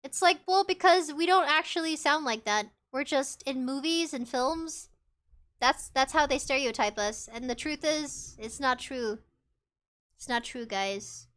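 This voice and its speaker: A woman's voice: sits high, a little slow, fairly bright tone. A young woman from the Southern United States, chatting casually on a live stream, rambling and reading chat aloud. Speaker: VTuber streamer.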